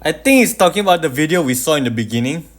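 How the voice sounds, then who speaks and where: Man commenting in a measured way. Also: on the high side, expressive. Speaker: commentator reacting to a clip. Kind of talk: casual reaction commentary.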